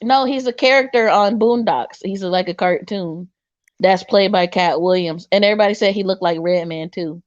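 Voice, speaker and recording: Animated woman on a dull, dry line. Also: medium pitch, moderate pace, no room sound. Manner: animated, laughs often, trails off and restarts. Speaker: co-host. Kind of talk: casual livestream chat. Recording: dull lo-fi sound.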